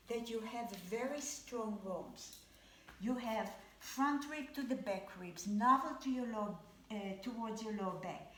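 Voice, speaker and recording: A woman guides a Pilates class at home, giving calm, repeated cues for every movement. She talks slowly with a slightly high voice. The room around her is echoey. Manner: calm, repetitive cueing with counts. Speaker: Pilates instructor. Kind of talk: live exercise class instruction.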